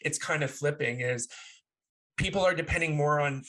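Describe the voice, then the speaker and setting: A man co-hosting a casual podcast, talking in an animated, playful way and thinking out loud with frequent restarts. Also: on the high side, moderate pace. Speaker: podcast co-host.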